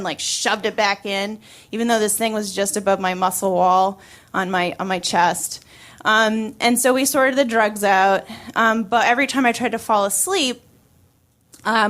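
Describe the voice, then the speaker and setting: A woman's voice: medium pitch, a bit bright. A woman in her twenties telling a personal story on stage, chatty and wry, laughing often and using many fillers. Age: 20s.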